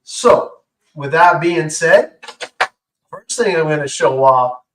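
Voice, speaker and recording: An enthusiastic man talks his way through a hands-on demo, full of fillers and chatty asides. His voice sits a little high and comes from some distance off the mic, with a noticeable room echo around it. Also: takes it slowly, background noise. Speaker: co-host. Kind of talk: casual show-and-tell demo. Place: indoor workshop room. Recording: roomy echo, far from mic.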